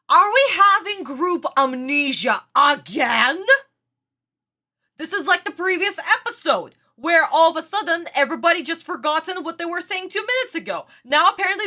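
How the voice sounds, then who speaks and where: A woman hosting a casual reaction video, excitable and dramatic, with frequent exclamations. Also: very high-pitched.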